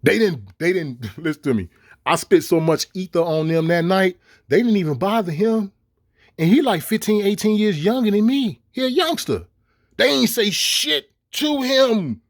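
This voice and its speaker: Middle-aged man with a high, dry voice; cussing, stop-start vlog rant. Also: normal speed, no echo. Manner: animated and swearing, with laughs and repeated stammered restarts. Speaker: vlogger. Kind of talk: profane ranting monologue.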